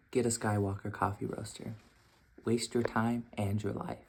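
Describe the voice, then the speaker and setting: A man's voice: fairly low pitch, little pitch movement, a little slow, vocal fry, slight background noise. Man joking around while brewing coffee. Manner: joking, self-mocking, rambling. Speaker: coffee vlogger. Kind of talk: casual how-to chat while brewing coffee.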